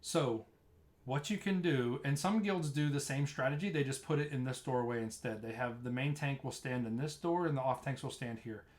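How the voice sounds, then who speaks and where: A man's voice: mid-range voice, normal speed. Chatty man walking through game footage. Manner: loose and chatty, narrates replay footage with frequent restarts. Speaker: streamer explaining raid tanking. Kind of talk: casual gameplay walkthrough.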